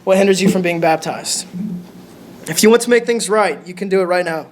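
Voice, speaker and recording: A young man with a high voice preaches a short lesson to his church. He sounds nervous and halting, often stopping to restart a sentence, with a faint hum of noise behind him. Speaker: lay preacher. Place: church sanctuary.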